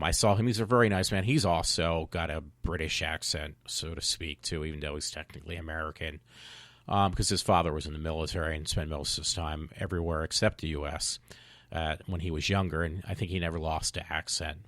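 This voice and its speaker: A man talks through his solo podcast in a loose, wandering way. He fills it with ums and keeps correcting himself. His voice sits deep and low, and the recording is dry and close. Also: fairly bright tone, no room sound. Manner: rambling, many ums and self-corrections. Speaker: podcast host. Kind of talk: casual solo talk show.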